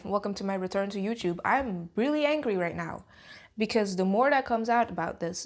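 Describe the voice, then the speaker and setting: A woman vlogger giving heated, sweary commentary, with sharp jumps in pitch and nervous laughs between points. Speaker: YouTube commentator. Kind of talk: heated ranting vlog commentary.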